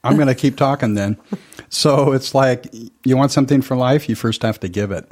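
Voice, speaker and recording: A man's voice: mid-range voice, moderate pace, a little mellow. A man co-hosting a podcast, chiming in with laid-back, reflective remarks. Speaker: podcast producer and co-host. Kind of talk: casual podcast chat.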